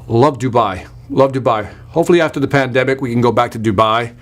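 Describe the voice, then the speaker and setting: Fast and medium-pitched, a man runs a live online workshop as a sales trainer. His delivery is energetic and emphatic, full of punchy repetition, and he reads viewer comments aloud as he goes.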